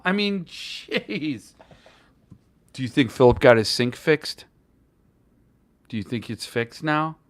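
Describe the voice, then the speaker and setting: A man's voice: on the high side, pushed and bright. A man hosting a casual live stream about books, rambling and joking as he reacts to chat comments. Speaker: booktuber host.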